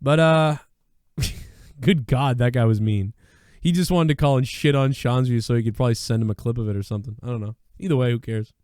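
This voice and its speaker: A man's voice: medium pitch, brisk, a little mellow, clean tone, no room sound, clean studio sound. A man hosting a call-in show, chatting casually with loose, profane storytelling and repeated phrases.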